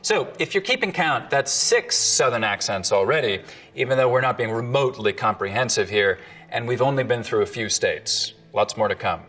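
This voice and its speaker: A man's voice: medium pitch, lively intonation, normal speed, fairly bright tone, distant mic. A man, a dialect coach, explaining accents in scripted narration and demonstrating sounds.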